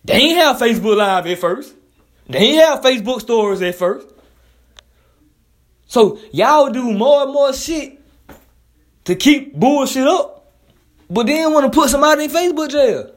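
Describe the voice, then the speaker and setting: A man's voice: very high-pitched, expressive, unhurried, pauses often. A man delivering a blunt, profane, heated casual monologue as a commentator.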